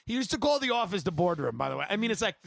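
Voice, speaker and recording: A man hosting a podcast, telling comedic stories in an animated, rambling way and laughing between lines. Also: high voice, racing, gravelly. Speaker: podcast host. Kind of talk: comedic storytelling.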